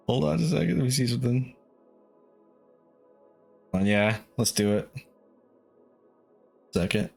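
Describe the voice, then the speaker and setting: A man's voice: medium pitch, animated, slow, gravelly, pauses often, faint music behind. A man streaming a game live, talking through it with constant swearing and panicky outbursts. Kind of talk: live gameplay commentary.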